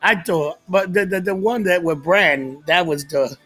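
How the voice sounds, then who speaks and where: Man, podcast co-host, high voice, husky, profane animated rant. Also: unhurried, faint music behind. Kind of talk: casual profane chat.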